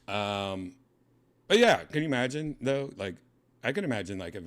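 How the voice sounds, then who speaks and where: Rambling man with a lively low voice. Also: a little fast. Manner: rambling, self-interrupting, mimics others in high voices. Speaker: podcast host. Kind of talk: casual storytelling monologue.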